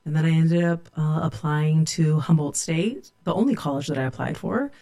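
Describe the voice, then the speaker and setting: In a low, mellow voice at normal speed, a middle-aged woman shares a personal story with reflective candor. She is a sociology professor from California.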